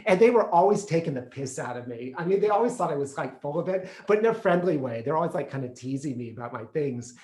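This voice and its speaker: A man performing a solo theatrical monologue, animated and playful, acting out the people in his story. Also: a little high, fast, few pauses, roomy sound. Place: theater stage.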